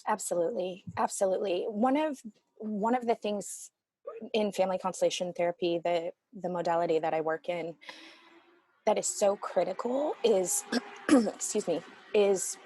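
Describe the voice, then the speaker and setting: A woman's voice: mid-range voice, normal speed, pauses often, dark tone. A woman working as a family constellation therapist, talking earnestly and animatedly in an interview, with frequent restarts. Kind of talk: conversational interview.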